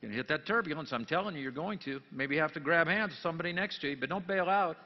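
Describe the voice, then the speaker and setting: A pastor giving a jokey sermon, dropping to quiet asides and then rising into loud, emphatic bursts. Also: male voice, a little high, expressive, rapid-fire. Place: church sanctuary. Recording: long church reverb, dull lo-fi sound.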